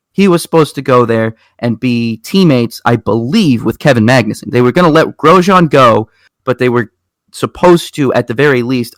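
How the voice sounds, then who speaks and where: Man, racing show co-host, casual rambling storyteller, mid pitch, dry close sound. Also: no echo. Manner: rambling, animated storytelling with restarts. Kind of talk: casual chat.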